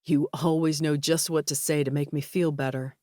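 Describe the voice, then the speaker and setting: A woman's voice: deep voice, little pitch movement, moderate pace, dark tone, no room sound, studio quality, natural voice. A woman voicing an earnest male cruise director in an audiobook, dropping her voice a little.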